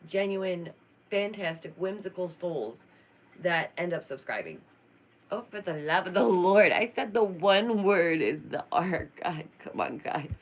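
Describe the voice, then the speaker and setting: Low-voiced sassy woman streamer. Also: slight background noise, poor audio. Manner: expressive, sassy, laughs often. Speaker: YouTube commentary host. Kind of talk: casual live-stream commentary.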